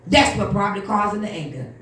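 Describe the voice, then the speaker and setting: Animated woman testifying in church. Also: medium pitch, fast talker. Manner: animated storytelling with quoted voices. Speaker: minister. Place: church hall. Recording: echoey room from far off.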